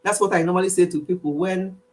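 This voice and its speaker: A middle-aged woman with a Nigerian accent hosting a live stream chat, animated and emphatic, repeating herself and laughing often. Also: on the low side, fast talker. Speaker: YouTube channel host.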